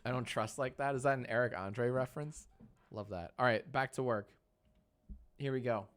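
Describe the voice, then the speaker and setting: Speaking at a normal speed with a medium-pitched voice, this thirtysomething man is streaming from his home editing room. He jokes with his chat, runs polls, and coos at his dog in gentle baby talk.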